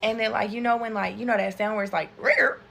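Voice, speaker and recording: A young woman in her twenties spins a storytime for her viewers while putting on makeup. She is lively and swears constantly, chatty and expressive. Her voice sits at a middling pitch for a woman. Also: quick pace, creaky, slight background noise. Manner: animated, profane, chatty, addresses viewers as y'all. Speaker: storytime creator.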